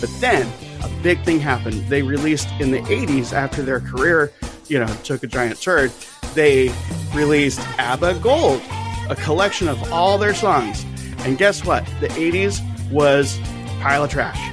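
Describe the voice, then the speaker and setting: A man's voice: on the high side, a little slow, music in the background. A man hosting a podcast in casual chat, telling a story with animation and acting out quoted voices. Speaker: podcast host.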